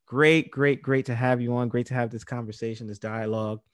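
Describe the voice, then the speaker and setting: A man's voice: medium pitch, fairly even intonation, fairly quick, dry recording. A man hosting a casual podcast, who repeats words for emphasis. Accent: New York. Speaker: podcast host.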